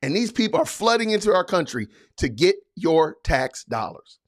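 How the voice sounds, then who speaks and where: A man's voice: high-pitched, sing-song, normal speed. A man hosting a podcast, giving sarcastic political commentary in a mocking, hyped-up, repetitive way. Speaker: podcast host.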